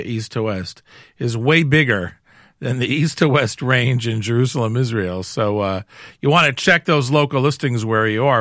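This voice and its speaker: A man hosting a weekly show in a casual, rambling way, often pausing and correcting himself. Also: mid-range voice, sharp tone, no room sound, studio quality. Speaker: host.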